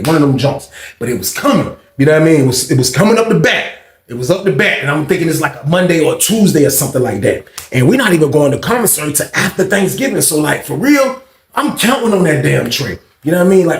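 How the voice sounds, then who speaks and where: Guy rambling thru a story, raspy gravel in his voice, echoey room. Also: medium pitch. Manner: loose, rambling, keeps asking if you follow. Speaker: storyteller recounting jail life. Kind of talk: casual storytelling to viewers.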